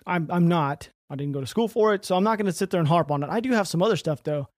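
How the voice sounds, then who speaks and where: A man's voice: sits high, lively intonation, fast talker, dry recording, clean studio sound. A man hosting his own podcast, giving blunt, heated, profane political commentary that rambles with restarts. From United States. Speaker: podcast host.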